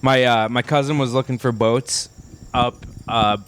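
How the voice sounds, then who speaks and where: A man's voice: medium pitch, fairly even intonation, unhurried, a bit bright, clean tone. A young man co-hosting a podcast, telling crude, profane stories in casual chat. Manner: profane, laughing storyteller. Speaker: podcast co-host.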